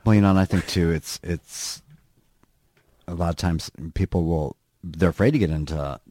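A man's voice: sits low, normal speed, dark tone, no room sound, studio quality. A middle-aged man telling candid personal stories as a podcast guest in casual chat. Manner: candid storytelling.

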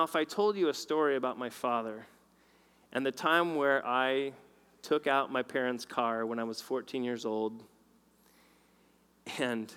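A man preaching a sermon and telling a personal story, swinging between loud and hushed delivery. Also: mid-range voice, clear, resonant tone. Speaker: pastor. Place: large hall with long reverb. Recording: reverberant hall recording.

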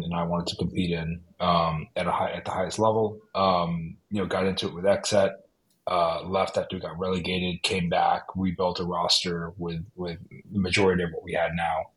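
A man in his forties with a low voice, guesting on an interview show as a company head. He speaks relaxed and informally, padding lines with "you know" and "right?". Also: low-quality recording. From United States. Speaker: esports company CEO, guest. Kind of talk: casual interview.

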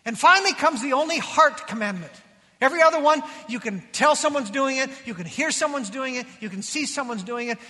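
A pastor preaches in a lively, conversational way, slipping into quoted voices as he goes. His voice is strikingly high and bright. It rings with the long reverb of a big church hall. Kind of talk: sermon.

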